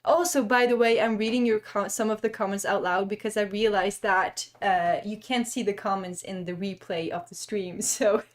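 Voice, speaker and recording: Young woman, art-stream host, soft and chatty, laughs easily, talks to viewers while painting. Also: mid-range voice, fairly even intonation, moderate pace, few pauses. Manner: chatty and gentle, laughs often, reads chat aloud. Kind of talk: casual livestream chat while painting.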